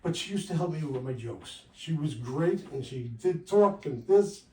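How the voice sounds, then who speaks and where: A man in his sixties doing a stand-up comedy set with wry, punchy delivery, jumping louder for quoted lines. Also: a little high, animated, moderate pace. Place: comedy club stage. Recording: roomy live sound from a distance.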